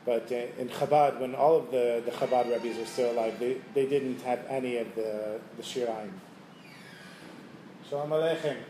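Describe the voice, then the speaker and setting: A man telling a Hasidic story to a class, lively and chuckling, in a room with listeners. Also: medium pitch, normal speed, background noise. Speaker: Torah teacher. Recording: roomy room, faint ambience.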